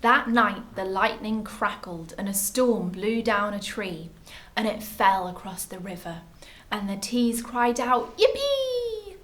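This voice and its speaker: A woman reading a children's picture book aloud at a library story time, with lively expression. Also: mid-range voice, measured pace.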